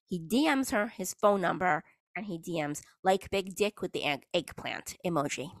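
A woman's voice: lowish voice, expressive, moderate pace, no room sound, clean studio sound. A woman hosting a casual podcast, telling sarcastic stories with bursts of laughter. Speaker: podcast host. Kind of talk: casual chat.

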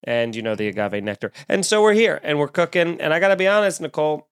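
Man, Long Island accent, podcast host, fairly high voice, joking rambling rants. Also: lively intonation, quick pace, clean tone. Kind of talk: casual comedic podcast chat.

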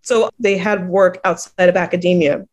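A woman poet from New Jersey talks in a relaxed interview. She laughs easily and tells her stories with lively acted-out quotes. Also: on the low side, normal speed. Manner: chatty storyteller who laughs often and acts out quoted voices. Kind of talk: casual interview conversation.

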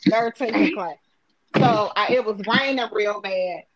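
A woman podcast host with a medium-pitched, unhurried voice tells a story on a casual phone-chat podcast, acting out the voices of the people in it. A crowd can be heard in the background.

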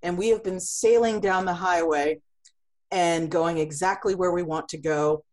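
A woman's voice: on the low side, steady tone, moderate pace, a little mellow. A woman who runs a comics publishing company, answering in an interview with vivid analogies and frequent restarts.

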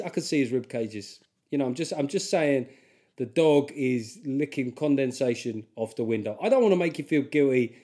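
A man's voice: on the high side, dark tone. A man with a South London accent hosting his podcast, rambling, self-deprecating and jokey. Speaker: podcast host. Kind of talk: casual monologue.

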